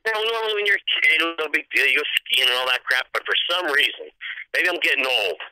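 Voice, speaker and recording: A middle-aged man, a musician guest on a radio show, talking excitedly over the phone, swearing freely and rambling through stories. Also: a little high, fast talker, smooth, no room sound, poor audio. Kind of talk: casual radio interview chat.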